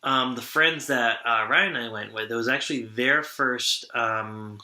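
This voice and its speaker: A man's voice: mid-range voice, measured pace, pushed and bright. A young man co-hosting a sports talk podcast, chatting casually, rambling with lots of restarts and laughter. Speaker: podcast co-host. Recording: echoey room.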